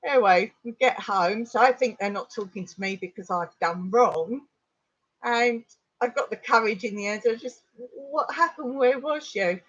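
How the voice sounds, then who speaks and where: A middle-aged woman from England, telling a long personal story on a livestream in a rambling, animated way. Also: a little high, moderate pace, husky, lo-fi sound. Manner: rambling, animated retelling with laughs. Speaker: vlogger on a livestream.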